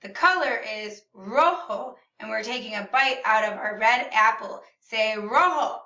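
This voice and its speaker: A woman teaching a video language lesson for children, upbeat and enunciating slowly so students can repeat after her. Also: a little high, bright, forceful tone, highs cut off. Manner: upbeat, slow and clearly enunciated, modeling words for repetition. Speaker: Spanish teacher. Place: classroom or room at home. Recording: echoey room, slightly far from mic.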